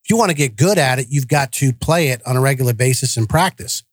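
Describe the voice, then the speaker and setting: During a casual podcast chat, a male co-host recounts family stories in a blunt, direct way, performing the dialogue as he goes. He speaks at medium pitch, expressively and at a quick pace, with no echo.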